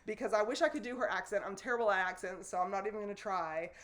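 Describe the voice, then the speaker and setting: A woman's voice: medium pitch, fast. A woman, teaching a sociology lesson to students in a loose, conversational way with fillers and self-corrections. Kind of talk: recorded classroom lecture. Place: classroom in front of a board.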